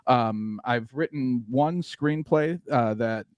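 Rambling comedian guest on radio. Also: male voice, mid-range voice, slow, no echo, highs cut off. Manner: rambling, many restarts and fillers. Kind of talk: casual interview talk.

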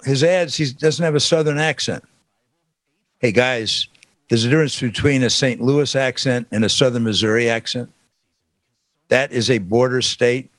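A man's voice: mid-range voice, dry recording. A man hosting a talk radio show, chatting casually and animatedly, often stumbling and repeating words as he talks.

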